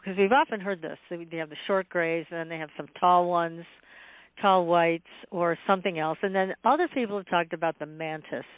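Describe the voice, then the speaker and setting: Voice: medium pitch, fairly quick, dry recording. An interview host who reacts briefly and adds comments in a casual chat, over a tinny line. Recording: dry tinny phone line.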